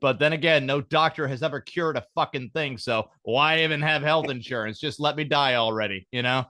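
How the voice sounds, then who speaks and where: A man's voice: medium pitch, a little fast, pushed and bright, dry recording. A man hosting a podcast, rambling through stories in casual comedic chat, swearing freely. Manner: profane, rambling storyteller. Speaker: podcast host.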